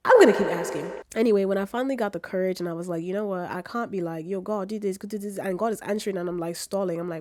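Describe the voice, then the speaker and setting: Animated young woman with a cold. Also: quick pace, few pauses, soft background music. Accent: British. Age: 20s. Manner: animated, acts out her own quotes with big pitch jumps. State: has a cold. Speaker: vlogger. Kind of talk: casual storytelling vlog.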